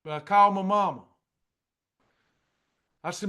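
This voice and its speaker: High-voiced man telling his testimony. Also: steady tone, bright, forceful tone. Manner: drawn-out storytelling, folksy, acts out dialogue. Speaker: pastor and weight-loss class leader. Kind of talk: testimony to a class.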